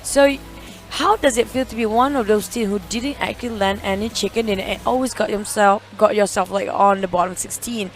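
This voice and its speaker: An esports caster chatting casually between matches, informal and quick to laugh. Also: mid-range voice, faint music behind.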